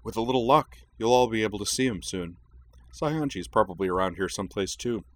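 A man's voice: lowish voice, a little fast, pitched above the performer's own voice, close to an everyday voice. Male reader playing a blunt young swordswoman in a storybook, plain clipped delivery. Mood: subdued.

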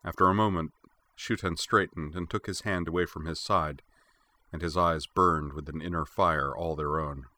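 Deep, forceful male audiobook narrator. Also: fairly even intonation, moderate pace, no echo. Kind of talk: scripted narration.

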